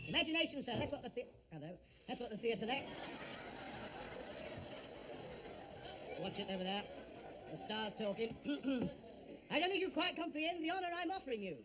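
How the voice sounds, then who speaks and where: A man's voice: very high voice, very animated, fast, background noise. A man playing a vain, blustering actor who thinks himself a great Shakespearean star, in old radio comedy. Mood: indignant. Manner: grandiose, self-important, bluster. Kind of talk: 1950s radio comedy acting.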